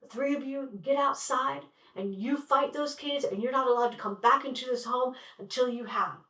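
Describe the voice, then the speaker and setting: A woman's voice: high voice, normal speed, sharp tone. A woman doing a stern father giving orders. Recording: roomy sound from a distant mic.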